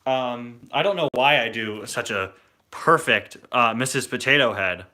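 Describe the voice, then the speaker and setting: A man's voice: mid-range voice, a little slow, bright, forceful tone. A man chatting casually during a live Q&A stream, rambling and restarting his sentences. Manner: rambling, hesitant, many restarts. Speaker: toy review streamer.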